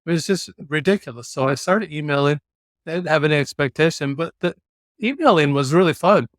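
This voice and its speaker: A middle-aged man, a podcast guest, telling a personal story in an animated way and slipping into quoted voices. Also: fairly high pitch, a little fast, no echo, studio quality. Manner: animated, slips into mock voices and quoted lines.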